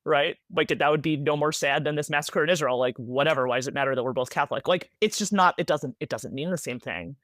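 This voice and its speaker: A woman from the United States, an author being interviewed, speaking rapidly in an animated way with many "like"s and tag questions. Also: deep voice, no echo, studio quality. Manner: animated, rapid, filler-heavy with frequent "like" and "right?". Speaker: author, guest. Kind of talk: conversational interview answers.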